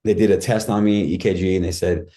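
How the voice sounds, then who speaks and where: A man's voice: sits low, fairly even intonation, quick pace, dark tone. A man guest on a podcast, telling his life story in a candid, rambling way with many fillers and restarts. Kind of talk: casual storytelling.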